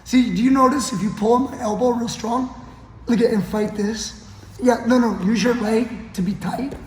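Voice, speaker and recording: A man's voice: extremely high pitch, fairly even intonation, normal speed, a little hiss or hum. Man, grappling coach, demonstrating on the mats, checks in often, roomy gym echo. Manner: demonstrative, keeps checking in with his partner. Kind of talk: hands-on technique demonstration. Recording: echoey gym with long reverb.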